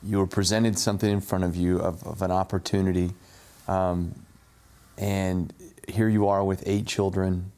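Man, co-host, lowish voice, gentle questions, hesitant. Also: little pitch movement, normal speed. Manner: gentle, supportive, asks questions with many hesitations. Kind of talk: podcast interview.

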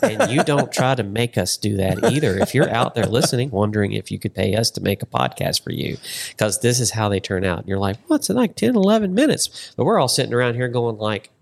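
A man's voice: on the low side, a little fast, vocal fry. A man hosting a podcast in casual chat, rambling and joking, often trailing off mid-sentence. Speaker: podcast host.

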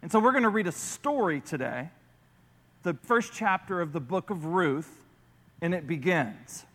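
A man preaching a sermon as a pastor, playful and animated as he talks to the congregation. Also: a little high, a little slow, in a large hall.

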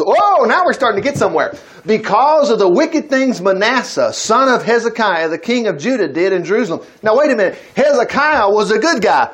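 A man teaching from the Bible in a casual, conversational way, reading passages aloud and acting out the characters' lines with chuckles and asides. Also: high voice. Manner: animated, reads scripture aloud and acts out the characters' lines; chuckles and breaks off to comment mid-reading.

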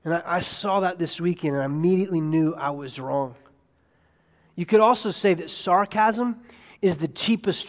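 A male pastor preaching a conversational sermon in a church, asking his congregation questions and swinging between hushed asides and loud, excited bursts. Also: a little high. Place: church sanctuary. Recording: long hall reverb.

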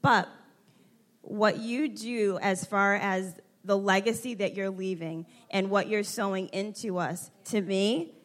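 A woman's voice: mid-range voice, fairly even intonation, slow pace. Tearful young woman giving heartfelt tribute. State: close to tears. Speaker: church speaker. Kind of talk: emotional tribute at a church women's gathering.

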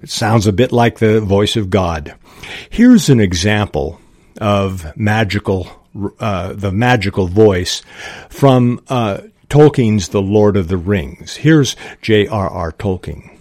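A man hosting a podcast, explaining writing craft in a slow, thoughtful way, with small restarts. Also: fairly low pitch, lively intonation, darkish tone, dry recording, studio quality. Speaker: podcast host.

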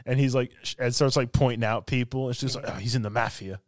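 A male podcast co-host recapping a movie scene by scene in a loose, animated way, breaking into laughter as he goes. His voice sits mid-range and is recorded close and dry, with no room sound. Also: medium pitch, quick pace, dry recording. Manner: animated retelling, laughing often. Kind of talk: casual film review chat.

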